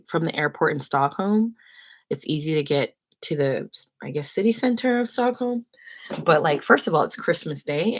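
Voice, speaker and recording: A young adult woman casually telling an animated, rambling story on her live stream. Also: deep voice, breathy edge. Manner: animated, rambling, acts out quotes.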